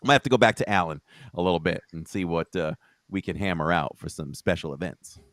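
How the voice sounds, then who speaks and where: A man's voice: sits low, quick pace, no room sound, clean studio sound. A man co-hosting a podcast in casual, joking chat. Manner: lively, joking, hesitant fillers. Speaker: podcast host.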